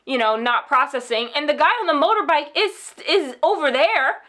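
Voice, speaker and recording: A woman with a high voice vlogs from home, still shaken and upset. She tells her story in a rushed, animated way, slipping into the voices of the people she met. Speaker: vlogger. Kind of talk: casual storytelling vlog. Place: at home indoors.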